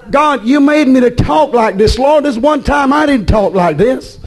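A man preaching a fiery sermon, often shouting with a preaching cadence. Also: very high-pitched, animated, normal speed, low-quality recording.

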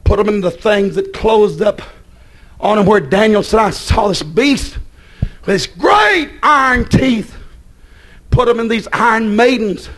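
A man preaching a fiery sermon, swinging from shouted bursts down to quiet storytelling. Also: lively intonation, unhurried. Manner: shouting bursts then drops to low storytelling.

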